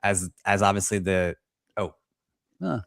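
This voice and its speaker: A man on a casual podcast panel, talking haltingly with muttered asides. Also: low voice, gravelly, fairly bright tone, no room sound, studio quality. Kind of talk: casual group chat.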